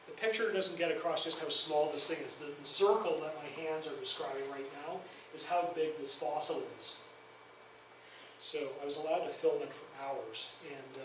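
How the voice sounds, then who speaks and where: A man's voice: fairly high pitch, noisy background. Man lecturing in an echoey hall. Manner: chatty, self-deprecating humor. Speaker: guest lecturer and documentary filmmaker. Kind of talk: public lecture with anecdotes. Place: university faculty lounge, indoors. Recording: very echoey room, voice far from mic.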